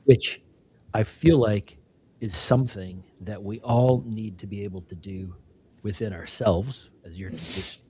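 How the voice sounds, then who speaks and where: A man's voice: lowish voice, unhurried, mellow, husky. A man co-hosting a casual interview podcast, talking in a reflective, rambling way with many restarts and "you know"s. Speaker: podcast co-host.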